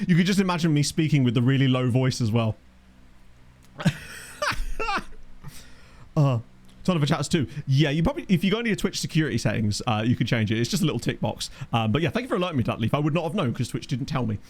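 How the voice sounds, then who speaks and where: A man's voice: medium pitch, very animated, fast, a little mellow. A man chatting casually while streaming a game, reading out and answering chat messages and laughing often. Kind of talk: casual live-stream commentary. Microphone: USB desk microphone.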